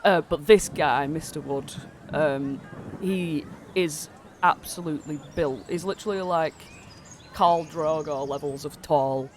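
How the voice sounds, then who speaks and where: A man's voice: on the high side, unhurried, slight background noise. A man narrating as game master of a tabletop game, rambling with lots of fillers while he has a cold.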